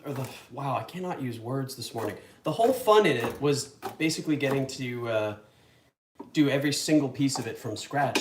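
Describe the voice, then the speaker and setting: Rambling young man cooking in an echoey kitchen. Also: mid-range voice. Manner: rambling, self-deprecating, chatty. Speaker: home cook vlogger. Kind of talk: casual cooking vlog. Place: home kitchen. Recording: echoey kitchen with loud background noise.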